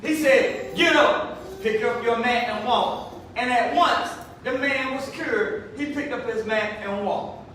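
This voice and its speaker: A man preaching a sermon to his congregation, emphatic and animated. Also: extremely high pitch, measured pace. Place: church. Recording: echoey room from far off, faint noise.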